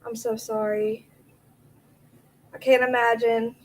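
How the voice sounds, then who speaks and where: High-voiced woman chatting on a livestream. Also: little pitch movement, slow, rough recording. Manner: chatty, reacts to chat aloud. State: out of breath. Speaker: livestream host. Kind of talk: casual livestream chat, reading comments.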